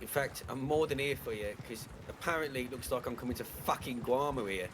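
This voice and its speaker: A man's voice: mid-range voice, a little fast, noisy background. A man grumbling and swearing his way through a casual in-character roleplay banter. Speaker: roleplay player.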